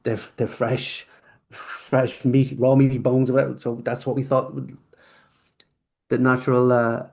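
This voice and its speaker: Speaking a little slowly and pausing often, a man with a creaky, medium-pitched voice guests on a podcast as a company founder. His storytelling answer rambles, full of restarts and asides, and he animatedly performs the dialogue he recounts.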